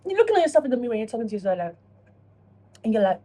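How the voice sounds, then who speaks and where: A woman talking casually to camera in a self-reflection vlog, animated and profane, acting out her own inner dialogue. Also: fairly high pitch, fast, slightly rough. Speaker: vlogger.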